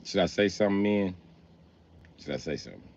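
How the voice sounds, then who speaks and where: His deep, gravelly voice is expressive and a little fast as the middle-aged livestreamer launches into a profane, comic rant. He's heated, blunt and crude, and the slightly dull lo-fi stream mic colors the sound.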